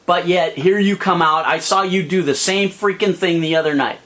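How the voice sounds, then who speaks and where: A man's voice: sits high, fairly even intonation, moderate pace, hardly any pauses, fairly bright tone. A man in a heated, profane rant to camera, exasperated and sweating under a hot light. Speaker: vlogger. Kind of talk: angry ranting monologue to camera.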